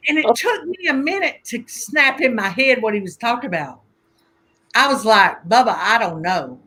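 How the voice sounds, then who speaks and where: A woman telling family stories in a casual conversation, animated and laughing often as she acts out voices. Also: on the high side, normal speed, slightly rough. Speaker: guest conjure teacher.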